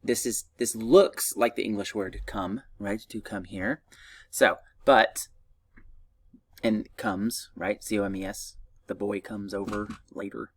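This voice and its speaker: A man's voice: lowish voice, steady tone, unhurried, dry recording, recorded from a distance. A man teaching a recorded Spanish grammar lesson, patiently drilling verb conjugations for his students to repeat.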